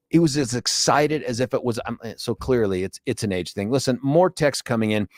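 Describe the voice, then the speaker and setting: A middle-aged man hosting a talk radio show, animated and jokey, chatting into a studio microphone. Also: mid-range voice, no echo. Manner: animated, jokey, does quick impressions.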